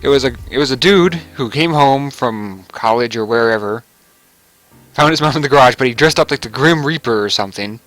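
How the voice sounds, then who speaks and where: A man's voice: mid-range voice, fairly quick, a bit bright, no echo, poor audio. A young man giving casual, rambling commentary over a game he plays, chuckling and correcting himself as he goes. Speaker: gaming video commentator. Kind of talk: casual let's play commentary.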